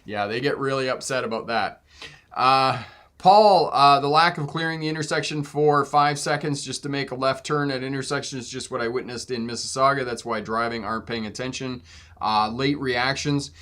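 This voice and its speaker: A man's voice: mid-range voice, steady tone, normal speed, a bit bright. A man hosting a casual live Q&A as a driving instructor, chatting with viewers, laughing often and acting out exchanges in different voices. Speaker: driving instructor and channel host.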